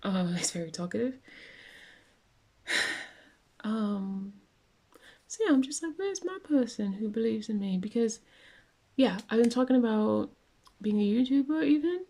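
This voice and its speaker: A woman's voice: a little high, expressive, unhurried, long pauses, warm tone. A young woman venting in a casual vlog rant, rambling with many fillers and restarts. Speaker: vlogger.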